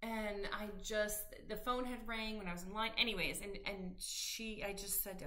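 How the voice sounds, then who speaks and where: Fifties woman, rambling home vlogger, ringing bright voice, lots of ums. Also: medium pitch, steady tone, moderate pace, few pauses. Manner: rambling, warm-hearted, many ums and restarts. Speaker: cross-stitch vlogger. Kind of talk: casual chat to camera.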